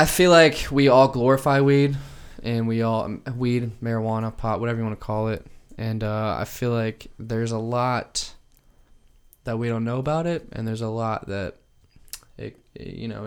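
A man's voice: medium pitch, clear, resonant tone. Rambling young podcast co-host man. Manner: rambling, restarts, laughs often. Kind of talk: casual podcast chat.

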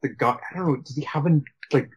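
A man's voice: fairly high pitch, quick pace, dull audio. A man in casual conversation about a film, rambling with many restarts and frequent laughs.

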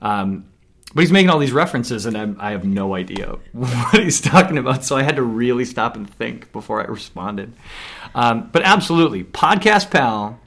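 Midwestern podcast co-host, male, teasing banter, pitch all over the place. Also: normal speed, vocal fry. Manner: playful, teasing, animated. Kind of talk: casual podcast chat.

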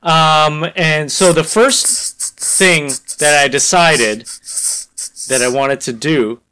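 A man co-hosting a podcast in casual chat, rambling through a story pitch with lots of fillers. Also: takes it slowly, sharp tone, clear, resonant tone. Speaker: podcast co-host.

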